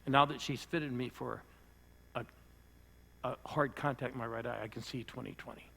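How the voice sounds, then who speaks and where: An older man, a pastor, preaching to a church audience and telling a personal story, rising to loud bursts and dropping to hushed lines. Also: medium pitch, fairly even intonation, moderate pace, gravelly. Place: church service before a live audience.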